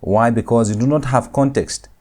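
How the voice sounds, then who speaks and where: A man giving a Hebrew grammar lecture, speaking slowly and repeating each term and example for his students. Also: mid-range voice, darkish tone. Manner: slow, repetitive, spells out each word. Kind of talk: classroom lecture.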